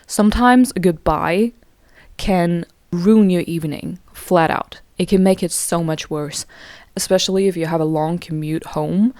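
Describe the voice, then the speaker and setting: Playful chatty young woman, low mellow voice. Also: no room sound. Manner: chatty, playful, self-mocking. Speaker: podcast host. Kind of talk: casual monologue.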